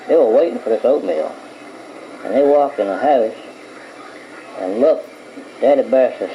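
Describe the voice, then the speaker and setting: Gravelly grandfather telling a bedtime story. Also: medium pitch, warm tone. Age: 50s. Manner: homespun, folksy storytelling. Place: home. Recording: muffled old home tape with faint hiss.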